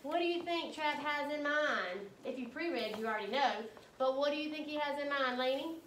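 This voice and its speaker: A high-voiced woman teacher reads a chapter book aloud and stops to quiz her students. She sounds a little distant in an echoey classroom, with faint room noise behind her. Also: a little fast, fairly bright tone. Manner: instructive, prompting questions.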